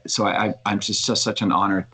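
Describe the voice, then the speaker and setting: A man with a somewhat low voice, speaking as a guest on a podcast. He retells stories in a lively way and often stops and restarts his sentences. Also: a little fast, breathy edge, poor audio. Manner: animated storyteller, frequent restarts. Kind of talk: casual conversation.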